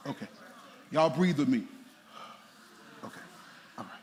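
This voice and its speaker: A pastor preaching a sermon, playful and animated, tossing laughing asides to the congregation. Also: male voice, medium pitch, measured pace. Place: large church sanctuary. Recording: church hall reverb with faint room noise.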